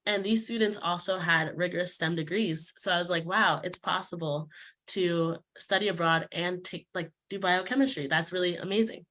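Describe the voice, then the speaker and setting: A woman's voice: fairly low pitch, steady tone, moderate pace, bright, forceful tone. A young woman giving a heartfelt, slightly emotional prepared talk as a student speaker. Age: young adult. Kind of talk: prepared speech.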